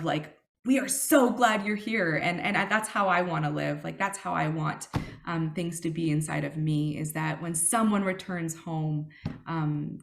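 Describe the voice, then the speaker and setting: A woman's voice: low voice, gravelly, a bit bright. A woman in her thirties giving a personal recovery testimony, earnest and reflective, with frequent fillers and restarts. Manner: earnest and reflective, with many fillers and self-corrections. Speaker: speaker sharing her recovery story.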